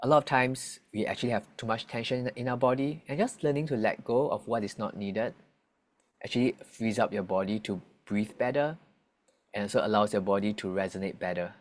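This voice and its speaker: A man's voice: fairly low pitch, a little fast. A man working as a voice coach from Singapore, patiently explaining vocal exercises in an interview, restarting his phrases often.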